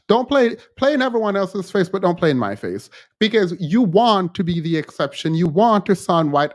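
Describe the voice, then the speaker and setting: A man with a somewhat high voice hosts a casual live-stream commentary. He tells stories with animation and acts out other people by raising his voice. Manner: animated storytelling, mimics others in a raised voice. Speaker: channel host.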